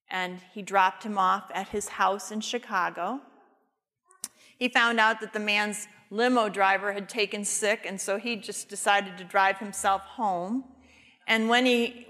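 Woman, devotional teacher, earnest storytelling, bright clear voice, long hall echo. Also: mid-range voice. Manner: earnest, retells a story with quoted dialogue. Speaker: Bible teacher.

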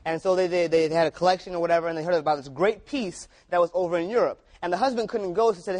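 Man, preacher, storytelling sermon, casual, repetitive, high voice. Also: steady tone, fast talker, hardly any pauses, a little mellow.

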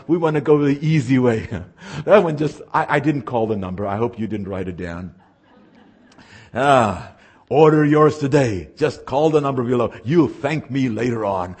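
Male preacher, lively sermon delivery with questions to the crowd, slightly husky, fairly high voice. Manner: animated, asks the audience questions.

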